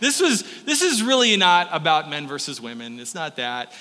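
Animated man preaching in a ringing room. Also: a little high, moderate pace, long reverb tail, low-quality recording. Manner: animated storytelling, chuckling asides. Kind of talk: sermon.

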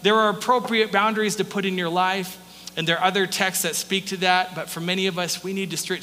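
A man preaching a sermon as pastor, in a conversational style full of rhetorical questions and quick asides. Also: sits high, fairly even intonation, pushed and bright. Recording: long hall reverb with faint hum.

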